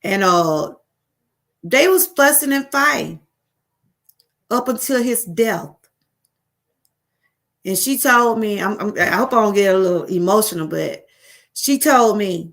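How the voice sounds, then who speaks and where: A woman's voice: medium pitch, lively intonation, unhurried, pauses often, a bit bright. A middle-aged woman with a Southern US accent, chatting on her live stream in a rambling, repetitive way and calling her viewers y'all. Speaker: livestream host. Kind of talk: casual live-stream chat.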